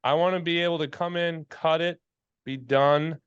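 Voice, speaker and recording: A man's voice: a little high, steady tone, normal speed, clear, resonant tone, lo-fi sound. Fired-up, swearing fly-fishing podcast man. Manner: blunt and fired up, swears freely, preachy. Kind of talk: casual chat.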